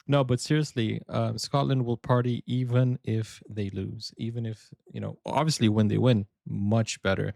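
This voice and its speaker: Male reaction host, jokey banter, laughs a lot, medium pitch, dry close mic. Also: steady tone, a little slow, gravelly, darkish tone, no echo. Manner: joking, laughs often, explains his banter. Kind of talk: casual reaction commentary.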